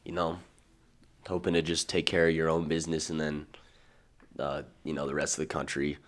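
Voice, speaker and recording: A man's voice: very deep voice, monotone, brisk. A man co-hosting a podcast, chatting casually about college football with dry humor. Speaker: podcast co-host. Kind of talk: casual sports chat.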